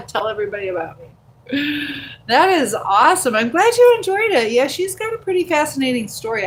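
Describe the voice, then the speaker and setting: A woman's voice: mid-range voice, slight background noise, low-quality recording. A woman hosting a casual live stream from a handheld phone at home, reading out viewer comments and chatting in a rambling way with plenty of fillers. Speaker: livestream host.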